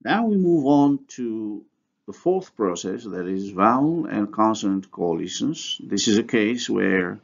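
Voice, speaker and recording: A man lecturing on phonology at a slow, deliberate pace, his low voice gravelly and creaky. He works through examples step by step, pausing often and restarting now and then. The recording sounds dull and lo-fi. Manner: slow, methodical explaining with pauses and restarts. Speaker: university linguistics lecturer.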